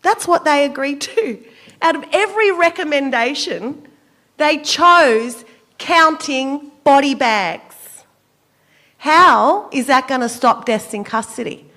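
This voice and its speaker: An Australian woman, a senator, giving an impassioned political speech at a forum, measured and emphatic with a cutting, sarcastic edge. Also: high voice, pushed and bright. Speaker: senator speaking at a public forum.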